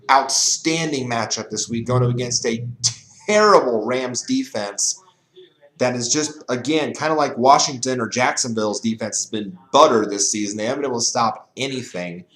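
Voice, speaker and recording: A man's voice: mid-range voice, a bit bright. A man hosting a fantasy football show, talking through picks in a casual, emphatic monologue full of repeats and restarts. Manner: emphatic, repetitive, mock-panicky voice when quoting fans. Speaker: fantasy football podcast host. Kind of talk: casual sports analysis monologue. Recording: roomy echo.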